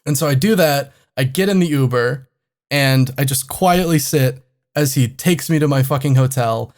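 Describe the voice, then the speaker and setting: A man's voice: mid-range voice, normal speed. A man co-hosting a comedy podcast, telling a travel story in a rambling, profane, exasperated way. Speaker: podcast co-host.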